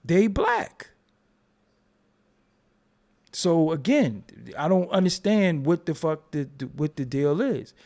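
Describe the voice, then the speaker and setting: A man's voice: on the high side, sing-song, slow, long pauses, darkish tone. A young man who hosts a commentary vlog and rants bluntly, cursing and repeating himself. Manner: blunt, profane, repetitive. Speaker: commentary channel host. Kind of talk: ranting commentary.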